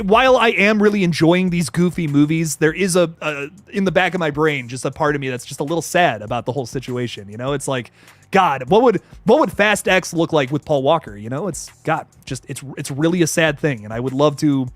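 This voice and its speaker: Excitable, high-voiced male streamer. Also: a little fast, dry recording. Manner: excitable and swearing, with frequent laughs. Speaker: horror movie channel host. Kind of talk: casual livestream chat reading super chats.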